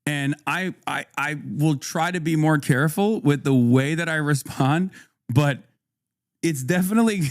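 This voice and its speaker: A man's voice: a little high, a little slow, no echo, clean studio sound. A man streaming live and talking casually to his chat, profane and conversational, reading viewer comments aloud and arguing back. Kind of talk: casual livestream talk to chat.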